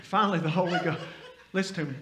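Fiery pastor in an echoey church. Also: male voice, high voice, fast, heavy background noise. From Tennessee. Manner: storytelling, building to loud fiery preaching. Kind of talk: sermon.

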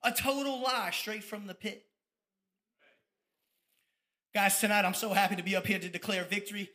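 A man, giving a fired-up testimony sermon about his ministry, at times dropping to soft reflective tones. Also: high voice, fairly even intonation, moderate pace. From Tampa, Florida. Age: 30s.

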